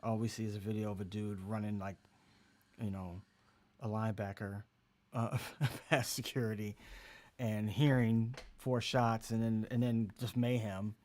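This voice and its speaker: A man's voice: fairly low pitch, fairly even intonation, unhurried, darkish tone. A man hosting a casual livestream chat, rambling and joking loosely. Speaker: host.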